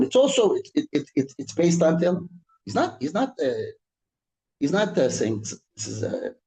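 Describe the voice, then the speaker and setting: A rabbi teaching a Torah class. He reads Hebrew text quickly and explains it in English, repeating and restarting his phrases. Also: mid-range voice, a little mellow, roomy sound, poor audio. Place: synagogue room.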